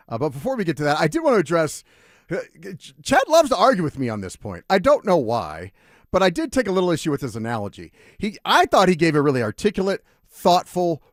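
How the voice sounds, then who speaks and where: A male sports radio host in loose, argumentative chat, his pitch sitting a little high and bouncing all over. He rambles and cuts himself off mid-thought. The studio sound is dry and close. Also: dry recording. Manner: animated, rambling, self-interrupting. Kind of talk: casual sports radio debate. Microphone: studio microphone.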